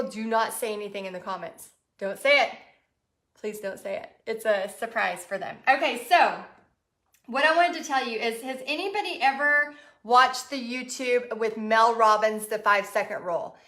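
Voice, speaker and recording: A woman's voice: fairly high pitch, animated, moderate pace, fairly bright tone. A chatty woman with a Texan accent, hosting a casual livestream, laughing often and reading out viewer comments. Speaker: art business coach host.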